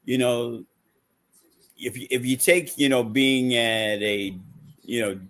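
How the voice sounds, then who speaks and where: A man's voice: mid-range voice, fairly even intonation, slow, a bit bright. A man who promotes wrestling shows, chatting casually in a blunt, profane, rambling way with lots of fillers. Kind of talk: casual podcast chat.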